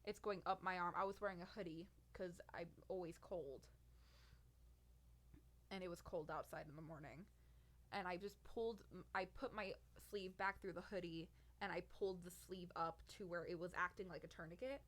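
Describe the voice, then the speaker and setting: A woman's voice: fairly low pitch, fairly even intonation, normal speed, a bit bright. 19 yr old woman ranting on her podcast, fed up and sarcastic, telling it like a story. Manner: exasperated, venting, sarcastic storytelling. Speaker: podcast host.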